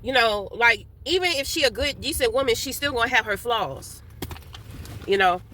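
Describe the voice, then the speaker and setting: A young woman speaks straight to her audience in a loose, unscripted monologue, swearing freely and breaking into laughter often. Her voice sits a little high and rings bright and sharp. Now and then she talks around a mouthful of food. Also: expressive, moderate pace, a little hiss or hum. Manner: candid, profane, laughs often; talking while eating and drinking. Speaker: vlogger. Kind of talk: casual monologue.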